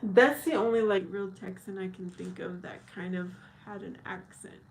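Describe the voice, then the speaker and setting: A woman's voice: mid-range voice, steady tone, moderate pace, a little hiss or hum, rough recording. A woman live streaming in casual chat, reading viewer comments aloud and answering them. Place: outdoors at night.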